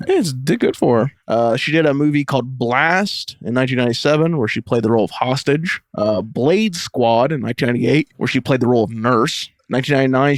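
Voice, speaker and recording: A man's voice: mid-range voice, no room sound, studio quality. A man co-hosting a podcast, chatting loosely about a movie with plenty of swearing and laughter. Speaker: podcast co-host. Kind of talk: casual movie commentary chat.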